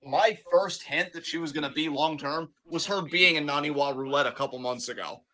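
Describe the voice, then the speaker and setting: A man co-hosting a live wrestling watch-along, giving animated play-by-play and hyping the wrestlers on a home streaming mic. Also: a little high, brisk. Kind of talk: live reaction commentary.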